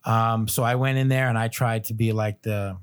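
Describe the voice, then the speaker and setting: A man's voice: fairly low pitch, moderate pace, clear, resonant tone. Chatty man telling a story, chuckling. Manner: animated storyteller, chuckling between phrases; loose filler-heavy phrasing. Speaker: podcast guest. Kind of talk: casual storytelling chat.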